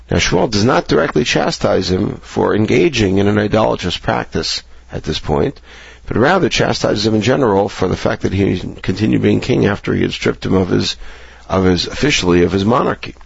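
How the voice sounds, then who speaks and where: A low, gravelly male voice leads a verse-by-verse scripture lesson. His tone is husky, with a dry, dull, lo-fi sound. He reads each line, then explains it, and lifts his pitch when quoting a character. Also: very animated, a little fast, no room sound. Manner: reads the Hebrew then explains it, lifting pitch for quoted speech. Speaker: Bible teacher. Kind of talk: text study lesson, reading and translating verse by verse. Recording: dull, lo-fi recording.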